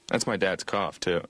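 A man from Indiana telling a deadpan stand-up routine as a therapy patient. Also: low voice, dry recording. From Indiana, USA.

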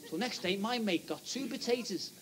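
A stand-up comedian with a Liverpool accent telling a joke, chatty and teasing the audience. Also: male voice, high-pitched, expressive, normal speed. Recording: live audience laughter and noise.

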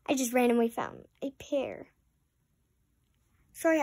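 A woman's voice: high voice, moderate pace, darkish tone, no room sound. A preteen girl, rambling through a casual vlog with many apologetic asides. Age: around 11 or 12. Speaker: vlogger.

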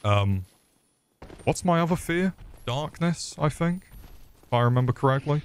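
A man's voice: a little high, expressive, measured pace, long pauses, a little hiss or hum. A young man casually commenting on a game he is streaming, profane, rambling and jokey. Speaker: gaming streamer.

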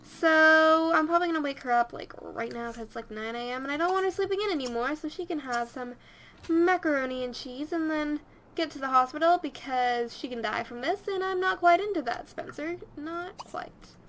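A woman's voice: high voice, normal speed, fairly bright tone. A young woman giving rambling, casual commentary over her video game and talking to her characters. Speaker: let's play host.

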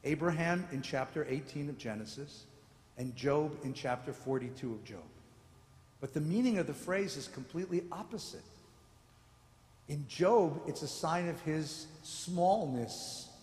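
A man's voice: fairly high pitch, expressive, a little slow, a little mellow. A man, a rabbi, giving a theatrical lecture in a large synagogue sanctuary, acting out voices and joking with the audience. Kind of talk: lively sermon-style lecture. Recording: echoey hall with long reverb.

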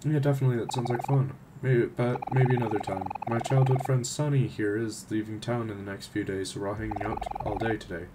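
A man voicing an energetic, chatty teenage boy, over loud background noise. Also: fairly low pitch, a little fast, hardly any pauses, close to an everyday voice. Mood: upbeat. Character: energetic outgoing teen boy.

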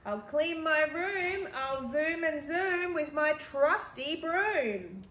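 A woman's voice: sits high, lively intonation, takes it slowly, echoey room, heavily acted. A woman voicing a playful, cheeky young woman who answers everything in bouncy rhymes. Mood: singsong.

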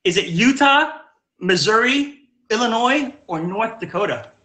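A man hosting a live-stream trivia game, upbeat and reading the answer options out slowly as a list. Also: sits high, expressive, sharp tone, roomy sound. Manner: upbeat, repeats questions slowly, reads options as lists. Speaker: game show host.

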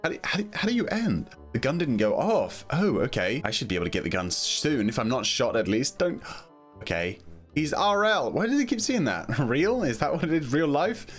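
A man commenting excitedly on a video game as he plays, jumpy and quick to laugh. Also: medium pitch, faint music behind. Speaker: gaming video host. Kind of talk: gameplay commentary.

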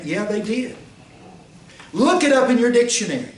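A man, a pastor teaching a Bible class, preaching with rhetorical questions and sudden shouts. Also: very animated, unhurried. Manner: rhetorical questions, pitch swings, rises to shouts. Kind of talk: fiery preaching. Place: church classroom. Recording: roomy, distant mic, faint hiss.

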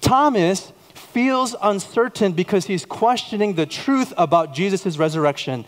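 A male pastor in his thirties delivers a sermon in a church sanctuary. His voice sits a little high, and he tells stories, repeating words and asking pointed questions. The sound rings with the long reverb of a large hall. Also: measured pace.

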